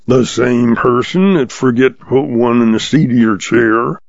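A man's voice: medium pitch, unhurried, vocal fry, dry recording. A man reading the part of a surly, quarrelsome cowboy with a sneering drawl, in a dry, slightly muffled recording.

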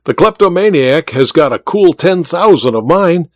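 A booming, boastful mining magnate, all jovial bluster, his voice leaping high as he crows. A man acts him out in a dry, close storybook reading. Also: lively intonation, normal speed, no echo, natural voice.

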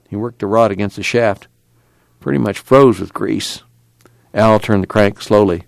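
A man narrating a story in a plain, steady reading voice. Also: lowish voice, normal speed, gravelly, dry recording. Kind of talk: audiobook reading.

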